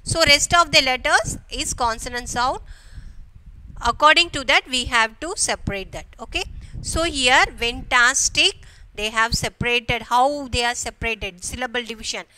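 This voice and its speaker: A woman teacher with an Indian English accent giving a grammar lesson to schoolchildren, explaining slowly and repeating "okay" and questions to the class. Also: a little high, pushed and bright, slight background noise. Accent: Indian English, from Kerala. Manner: slow, repetitive explaining with frequent "okay" and rhetorical questions.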